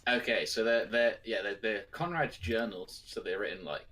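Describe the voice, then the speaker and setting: A man's voice: lowish voice, normal speed, distant mic. A man narrating as game master for a streamed tabletop game, explaining at length with many fillers. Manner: relaxed, rambling explanations with fillers. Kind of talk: running a tabletop game over a live stream.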